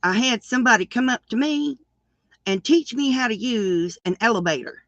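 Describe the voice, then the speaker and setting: A woman with a Southern country accent, chatting casually and deliberately as co-host of a crochet live stream. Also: on the high side, a bit bright, dry recording, dull audio.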